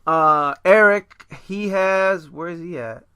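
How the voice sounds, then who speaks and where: A man's voice: high-pitched, takes it slowly, bright, forceful tone, smooth, dry recording. A man hosting a casual podcast chat, rambling and joking at his own expense. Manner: rambling, joking and self-mocking. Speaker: podcast host.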